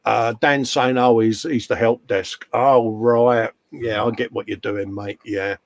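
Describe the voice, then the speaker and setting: A man's voice: mid-range voice, steady tone, measured pace, vocal fry, no echo. A man co-hosting a live stream, chatting casually and joking as he reads out viewer comments. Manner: jokey, banter-filled, reads chat messages aloud. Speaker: co-host of a live model-building stream.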